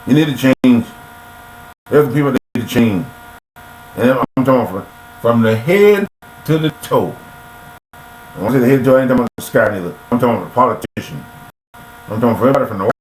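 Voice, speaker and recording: A man's voice: mid-range voice, animated, fast talker, pauses often. Man preaching life advice in an echoey room. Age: adult. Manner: repetitive, preachy, full of rhetorical questions. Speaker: motivational speaker. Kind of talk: casual motivational monologue. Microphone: computer webcam mic. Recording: echoey room with faint mains hum.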